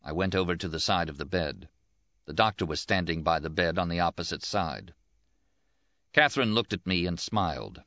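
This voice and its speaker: A man reading a first-person novel in a plain, measured audiobook narration. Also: sits low, expressive, sharp tone, no room sound, lo-fi sound.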